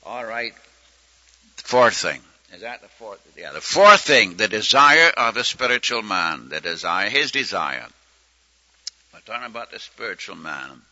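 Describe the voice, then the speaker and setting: A man's voice: on the low side, big pitch swings, a little slow, bright, forceful tone, no room sound. A man preaching a sermon in a folksy, storytelling manner, acting out quoted prayers. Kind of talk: sermon teaching. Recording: muffled lo-fi recording.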